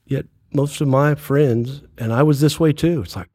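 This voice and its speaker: A man's voice: mid-range voice, normal speed, hardly any pauses, warm tone, breathy edge, no echo, studio quality. A man in his sixties giving an earnest faith testimony as a podcast guest, acting out the dialogue he quotes.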